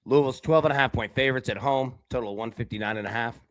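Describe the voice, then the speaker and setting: A man of middle pitch hosts a live sports betting show in a lively, casual way, calling out to viewers by name. He jumps from loud, excited bursts to quiet, low asides. The sound is dry and close, with almost no room echo. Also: very fast. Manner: talks directly to chat viewers by name. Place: indoor room with a window.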